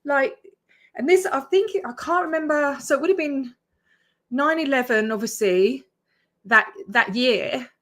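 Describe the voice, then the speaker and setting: A woman's voice: high voice, measured pace, fairly bright tone. An Australian woman chatting on a casual reaction stream, blunt and swearing, laughing in disbelief. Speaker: streamer reacting to her own video.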